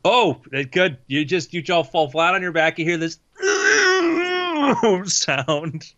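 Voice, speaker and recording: A man running a tabletop game as game master, narrating with lively sound effects, on a dull lo-fi recording. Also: on the high side, unhurried, no echo.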